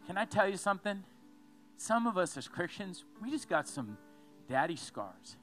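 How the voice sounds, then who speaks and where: A man preaching a sermon as a pastor, telling a story with lively asides and repeated phrases. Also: high voice, normal speed, faint music behind.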